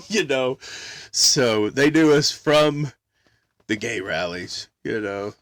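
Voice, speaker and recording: A man telling a long story in casual chat, loud and animated, belting out quoted songs. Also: medium pitch, takes it slowly, dry recording, clean studio sound.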